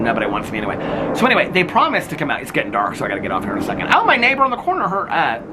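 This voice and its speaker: A man vlogging outdoors in his neighborhood with a handheld camera, telling animated, gossipy stories and laughing often. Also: medium pitch, very fast, noisy background. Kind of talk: casual outdoor vlog chat.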